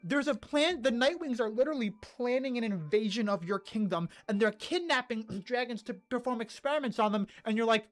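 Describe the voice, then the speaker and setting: A streamer in casual livestream chat, reading out comments and ranting excitedly, with many stammered restarts. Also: medium pitch, fairly quick, few pauses, faint music behind.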